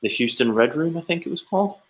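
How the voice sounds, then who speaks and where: A man's voice: fairly high pitch, animated, fast, poor audio. A man co-hosting a casual podcast, telling a long rambling anecdote and acting out the quotes. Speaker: podcast co-host. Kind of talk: casual storytelling chat.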